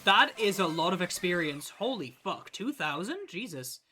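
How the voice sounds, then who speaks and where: A woman streamer commentating live on a game, with loud, profane outbursts of disbelief. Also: on the low side, big pitch swings, normal speed, soft background music.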